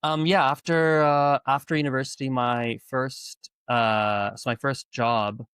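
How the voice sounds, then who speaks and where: Man, podcast guest, mid-range voice, lively storyteller, dry recording. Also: medium pitch, measured pace, clean tone, no echo. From Canada. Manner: lively, self-correcting, chatty. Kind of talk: conversational storytelling.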